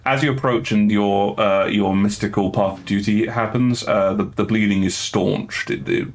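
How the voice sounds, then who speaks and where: Low-voiced man running a tabletop game. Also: steady tone, moderate pace. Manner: hesitant, many fillers and restarts. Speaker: dungeon master.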